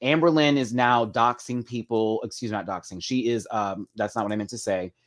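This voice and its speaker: Hosting a livestream chat, a man talks casually and gossipily to his viewers, calling them "girl" and "y'all." His pace is a little fast, and his intonation is mostly fairly even, yet it breaks into big, sudden swings in pitch and loudness.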